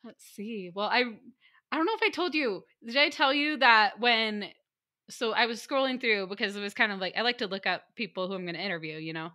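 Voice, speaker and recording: A woman's voice: mid-range voice, pushed and bright. A woman hosting a podcast, chatting casually and reacting to her guest with frequent laughter. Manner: laughs often, quick reactions. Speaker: podcast host. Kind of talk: casual interview chat.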